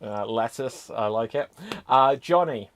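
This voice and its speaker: Man, improv show host, upbeat, loose and chatty, mid-pitched voice. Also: a little slow, a little hiss or hum. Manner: upbeat, loose, lots of fillers and asides. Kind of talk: chatty hosting of an improv game.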